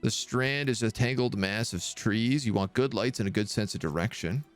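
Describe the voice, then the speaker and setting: A man voicing a talkative male town mayor in a video game, speaking in a brisk, chatty, faintly disdainful way. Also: fairly low pitch, soft background music, close to an everyday voice. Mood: informative.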